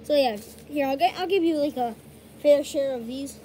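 High-pitched playful woman, noisy recording. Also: normal speed, warm tone. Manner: playful, teasing, bursts into silly voices. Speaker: vlogger showing a paper craft collection. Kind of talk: casual chat on camera.

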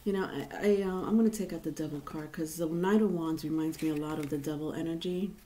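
A woman's voice: sits low, steady tone, quick pace, warm tone. A woman giving a casual tarot reading to viewers, rambling and chatty with many fillers and restarts. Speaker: tarot reader.

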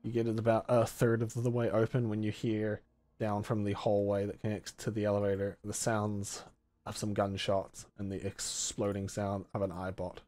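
A man running a tabletop game as game master, narrating and explaining in a relaxed way. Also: fairly low pitch, normal speed.

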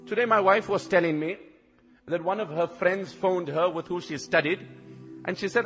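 A man preaching a sermon in an animated way, repeating phrases for emphasis. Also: high voice, normal speed, muffled recording. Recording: long hall reverb, faint music.

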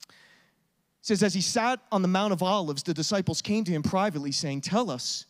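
A man preaching a sermon with passion, swinging from loud urging to hushed, intimate talk. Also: high-pitched, a little fast.

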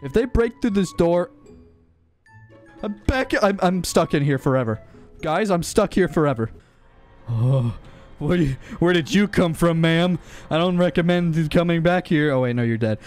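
A man's voice: a little high, moderate pace. Jumpy young man narrating gameplay. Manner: excitable, yelps and shrieks when startled. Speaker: gaming channel host. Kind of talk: gameplay commentary. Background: game music and sound effects.

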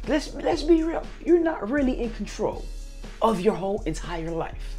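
A man vlogging casually to his viewers, animated and acting out little scenes in different voices. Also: high-pitched, moderate pace, faint music behind. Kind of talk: casual talk to camera.

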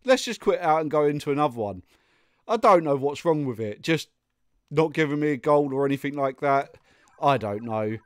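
A man's voice: on the high side, lively intonation, normal speed, dry recording, studio quality. A young man commentating his own gameplay, muttering and getting exasperated, with sudden outbursts and laughs. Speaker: gaming YouTuber. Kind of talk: let's play commentary.

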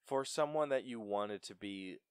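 Young lower-voiced guy, chatty film podcaster, trips over words, laughs a lot, dry mic. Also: unhurried, clean tone, no room sound. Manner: animated, stumbles and laughs often. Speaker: podcast co-host. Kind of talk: casual film review chat.

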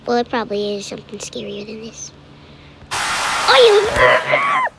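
A young woman giving lively running commentary on a scary game as host of a gaming channel, chatty and jumpy. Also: medium pitch, fast talker, creaky, slight background noise. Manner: excitable, jumpy, chatty, yelps and laughs at scares. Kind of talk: live gameplay commentary.

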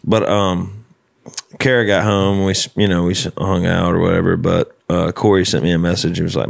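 A man's voice: low voice, fairly even intonation, a little fast, gravelly, dry recording, clean studio sound. A man hosting a podcast, teasing and laid-back in casual chat, swearing freely. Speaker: podcast host.

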